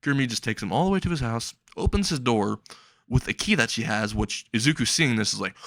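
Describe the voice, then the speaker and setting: A man rambles through a comic story in a casual, swearing tone, breaking into laughs as he goes. His pitch sits in the middle, and the sound is dry and close with no room around it. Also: animated, quick pace, vocal fry, fairly bright tone, no echo.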